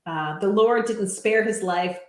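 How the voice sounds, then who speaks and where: A woman's voice: mid-range voice, unhurried. A woman co-hosting a podcast, recapping events in a giggly, chatty storytelling manner. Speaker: podcast co-host. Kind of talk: casual recap chat. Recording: echoey room.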